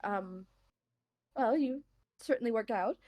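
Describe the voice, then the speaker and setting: A woman's voice: fairly high pitch, slow pace, mellow. A woman voicing a kind, flustered young female lava genasi in a tabletop game, stammering as she talks. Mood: embarrassed. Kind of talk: tabletop role-play.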